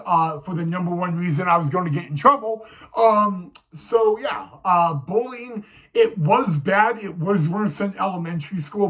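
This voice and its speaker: Halting, high-voiced young man. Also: fairly bright tone, poor audio. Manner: halting, many fillers and restarts. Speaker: vlogger. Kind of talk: casual personal storytelling.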